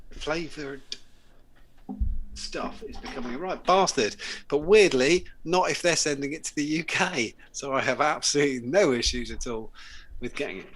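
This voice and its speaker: A man's voice: mid-range voice, a bit bright. A man, hosting a casual live chat show, chatty and sweary. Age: late 30s. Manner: sweary, chatty, laughs often. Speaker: host.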